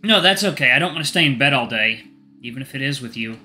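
A man voicing a shy, weary young male creature who speaks quietly and hesitantly. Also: mid-range voice, lively intonation, fast, soft background music. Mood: tender.

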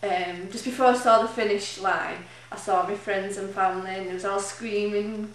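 This is a charity runner's video diary: a woman with a steady, mid-range, slightly bright voice talking at a moderate pace with few pauses. She rambles in a chatty, emotional way, using fillers, while a far-off mic picks her up in a very echoey room.

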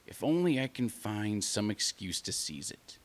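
A sly, greedy wolf from a bedtime storybook, low-voiced and menacing, as a man reads him. He lingers over his words with a bully's slow relish. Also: very animated. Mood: scheming. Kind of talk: storybook reading.

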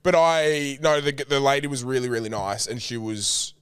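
A man's voice: medium pitch, normal speed, fairly bright tone, clear, resonant tone, dry recording, clean studio sound. A young Australian man co-hosting a podcast, chatting casually and swearing freely in a lighthearted way. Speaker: podcast co-host. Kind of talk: casual chat.

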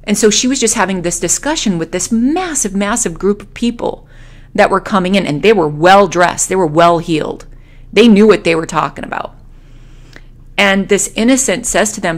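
A woman tarot reader telling a vision as a story, slowly and hesitantly, with many fillers and restarts. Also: medium pitch.

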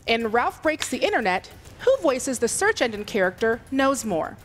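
Female quiz co-host, soft and calm, measured reads, high expressive voice. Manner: measured, deliberate question reading. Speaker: trivia show co-host reading questions. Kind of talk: reading trivia questions and countdowns.

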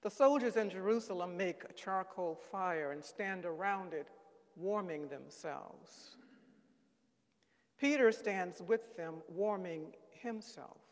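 A man with a high voice reads a solemn passage at a measured, unhurried pace. He speaks gravely and deliberately and presses on key words. His voice rings out with the long reverb of a church. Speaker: reader at a Good Friday service. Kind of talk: solemn dramatic reading.

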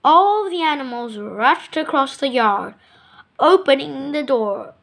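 A woman reads a children's storybook aloud with an expressive, sing-song delivery. Her voice sits high and moves a great deal, and she takes her time. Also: slow pace, gravelly.

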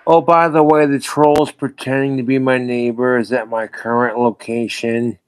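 A man's voice: medium pitch, flat delivery, normal speed, slight background noise. A man ranting on a livestream, swearing heavily and drinking alcohol as he talks. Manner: profane, ranting, drinking on stream. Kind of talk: livestream rant.

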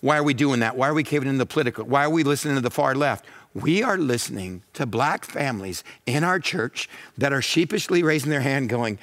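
A man's voice: medium pitch, expressive, fast, few pauses. Man, pastor, sermon, mid-range voice, emphatic, repetitive, rhetorical questions. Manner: emphatic, swinging between forceful declarations and quieter reflection.

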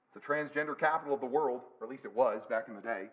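A man's voice: medium pitch, fast talker, muffled recording. A male pastor preaching a sermon in a church, emphatic, with repeated phrases. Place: church sanctuary.

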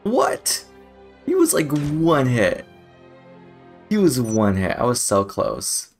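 A young man doing casual let's-play commentary over a video game in a mid-range voice. He swears freely, gets excited easily and laughs between remarks. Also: medium pitch, takes it slowly, vocal fry, faint music behind. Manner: profane, excitable, laughing often. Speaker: gaming YouTuber.

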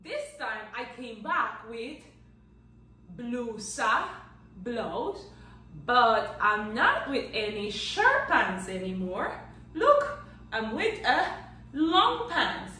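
Playful woman teacher for children, high and slow-paced, echoey room. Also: distant mic. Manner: animated and playful, claps out syllables, counts down magic tricks. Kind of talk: children's language lesson.

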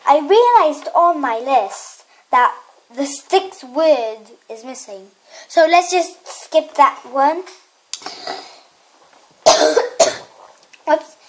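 A young girl with a Slovak accent hosts a casual home video lesson. Her voice sits high and she takes her time, saying each word again and again in a chatty, giggly way. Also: big pitch swings, very slow, pauses often, slight background noise. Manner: repeats words over and over, chatty and giggly. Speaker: video host.

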